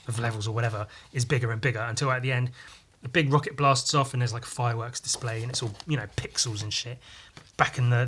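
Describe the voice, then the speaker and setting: A man hosting a podcast rambles casually on his own, swearing often and drifting into asides. His voice sits in the mid range and sounds pushed and bright.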